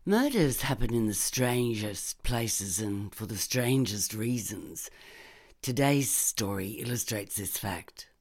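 Deep-voiced woman telling a wry crime story. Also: expressive, takes it slowly, darkish tone. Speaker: narrator and reader. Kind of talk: scripted reading of a crime story.

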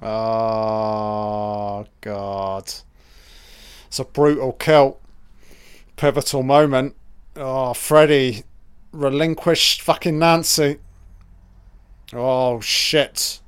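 A man talks over a film in a slow, unhurried drawl, swearing freely and jeering at the characters. His voice stays smooth and clean throughout, even as the jokes get crude. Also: mid-range voice. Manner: crude, profane and mocking toward the characters. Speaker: film commentator. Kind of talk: audio commentary over a film.

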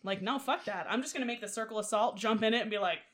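A woman's voice: fairly high pitch, fast talker, a bit bright. A woman co-hosting a casual podcast, who swears freely, laughs often and acts out quoted lines. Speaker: podcast co-host. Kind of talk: casual chat and story reading.

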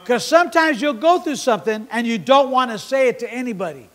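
A male pastor preaching an impassioned sermon, swinging from hushed asides to shouting. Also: very high voice, animated, a little fast. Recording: long hall reverb.

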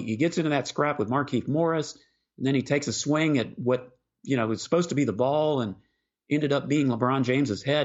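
A man co-hosting a sports podcast talks basketball casually and haltingly, often repeating words as he starts a sentence. His voice sits a little high, and the audio is dull.

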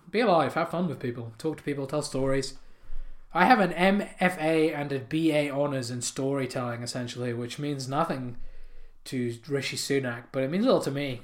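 A man hosting a podcast, telling absurd rambling comic stories, swearing and laughing at his own jokes into a podcast microphone. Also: mid-range voice. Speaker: podcast host.

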